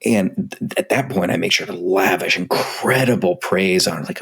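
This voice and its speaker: A man's voice: sits low, normal speed, creaky, hardly any pauses, fairly bright tone, slightly rough. A man co-hosting a casual podcast conversation, speaking candidly and self-critically and swearing freely. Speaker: podcast co-host.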